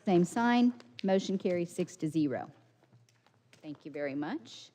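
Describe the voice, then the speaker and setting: A woman's voice: fairly low pitch, lively intonation, measured pace, dark tone. A woman chairing a county council meeting, reading budget figures aloud and running the votes in a businesslike way. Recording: hall reverb.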